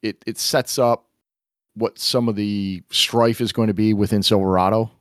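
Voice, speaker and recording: A man's voice: lowish voice, fairly even intonation, normal speed, no echo, studio quality. Laid-back man chatting on a podcast. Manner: chuckling, self-deprecating, reads script aloud. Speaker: podcast co-host. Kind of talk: casual chat about a film.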